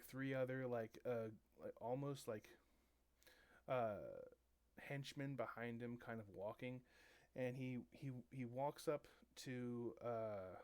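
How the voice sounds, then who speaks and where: A man's voice: mid-range voice, darkish tone, smooth. Rambling male game master. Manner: halting, many fillers and restarts. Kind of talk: improvised tabletop narration.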